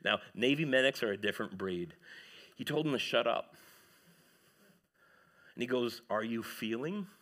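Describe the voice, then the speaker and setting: A man, preaching a sermon in church, animated and swinging between loud and hushed. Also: medium pitch, normal speed, long pauses. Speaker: pastor.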